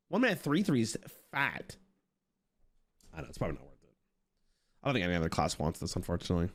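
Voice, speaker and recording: A man streaming, reviewing new cards for his live chat, excitable and swearing as he thinks aloud. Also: on the high side.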